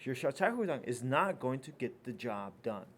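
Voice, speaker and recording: A man lecturing a class in a loose, conversational way, walking through a story and slipping into the voices of a worried doctor and a complaining patient. His pitch sits in an ordinary middle range, with a faint hiss of noise underneath. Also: very animated, normal speed. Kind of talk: teaching lecture with anecdotes.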